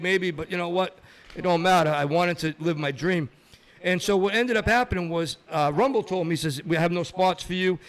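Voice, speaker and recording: A middle-aged man from Massachusetts, a podcast guest telling stories in casual chat, acting out the voices of other people. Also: a little high. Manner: animated storyteller, acts out other people's voices.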